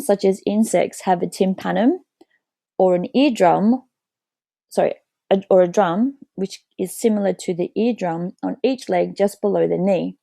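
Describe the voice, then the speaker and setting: Woman, lesson narrator, some vocal fry, dry close recording, self-correcting delivery. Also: medium pitch, mellow, dry recording. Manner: reads steadily, correcting herself with "sorry". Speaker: biology teacher.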